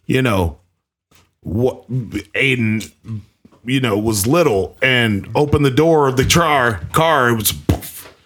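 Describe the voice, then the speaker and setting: A man's voice: mid-range voice, takes it slowly. A man telling a rowdy story in casual talk, swearing heavily and laughing as he goes. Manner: animated, heavy swearing, laughing.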